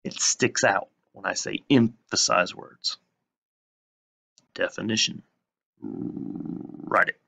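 A male teacher giving a recorded lesson, who asks questions and then answers them himself with slow emphasis. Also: on the low side, gravelly, sharp tone.

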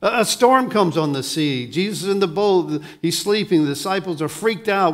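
A male pastor delivers a sermon in a fairly high voice. He drops to a hush for solemn lines and rises to emphatic bursts, often repeating a word as he gets a thought going. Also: moderate pace. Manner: animated preaching, swings from hushed to emphatic; repeats words when starting a thought.

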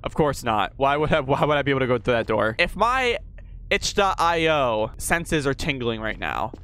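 Profane and jumpy, this young gaming YouTuber narrates a horror game to himself, startling at sounds and cursing frequently. He speaks at a normal speed in a smooth, sharp-toned mid-range voice with big pitch swings.

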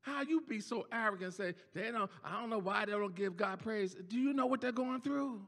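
A pastor preaching a sermon in a church, shouting and half-singing his peaks, then dropping low for quiet asides. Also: fairly quick, vocal fry. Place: church sanctuary. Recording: church hall reverb with faint organ music.

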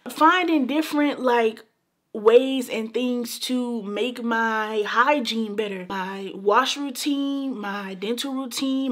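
A young woman talking earnestly to camera in a vlog, emphatic and repetitive, calling her viewers baby and y'all. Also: on the high side. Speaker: beauty vlogger. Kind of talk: casual heartfelt talk to camera.

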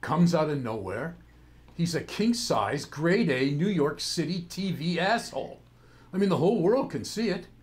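A man's voice: a little high, expressive, moderate pace, natural voice. A man playing a weary, cynical older senator and father, grumbling with sardonic exasperation in a stage play. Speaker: actor in a play.

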